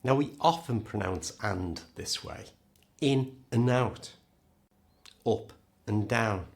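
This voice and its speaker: A man with a British accent teaching a pronunciation lesson, modelling each word slowly and clearly. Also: medium pitch. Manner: slow, clear, modelling words for the learner. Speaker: English teacher.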